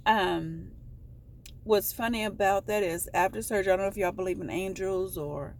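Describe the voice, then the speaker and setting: A woman vlogger telling a personal story in a casual, rambling way, often halting to correct herself. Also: medium pitch, gravelly, slight background noise.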